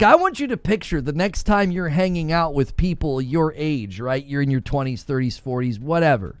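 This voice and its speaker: Animated, laughing gaming news host, man. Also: a little high, no echo. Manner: sarcastic, laughs often, mocks insults in put-on voices. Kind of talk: casual commentary.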